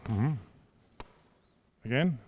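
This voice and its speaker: A man in his fifties from Spain, a basketball coach speaking halting English with a Spanish accent as he directs players through drills at a clinic. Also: medium pitch, lively intonation, muffled recording, slight background noise. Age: 50s. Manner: halting non-native English, repeats phrases, directs players.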